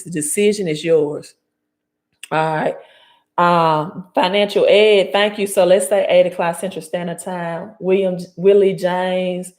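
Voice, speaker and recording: A woman's voice: lowish voice, a little mellow. A woman in her forties with a Southern Mississippi accent, giving an emphatic, preachy live-stream talk on money and business, repeating her key points. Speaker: credit and finance coach. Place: home, live video.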